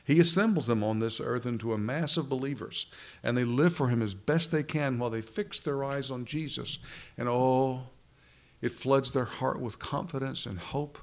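Male preacher, expository sermon, leans hard on key phrases. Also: medium pitch. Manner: expository preaching with rising emphasis and slow stressed phrases. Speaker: pastor.

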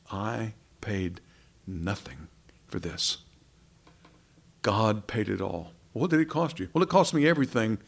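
Man, preacher, gravelly voice, impassioned sermon, swells then hushes. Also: mid-range voice. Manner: impassioned, rising and dropping to soft.

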